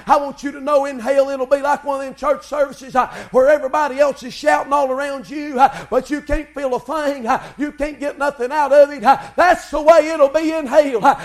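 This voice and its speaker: Man, preacher, fiery sermon, very high voice, shouted rhythmic cadence, "uh" between phrases.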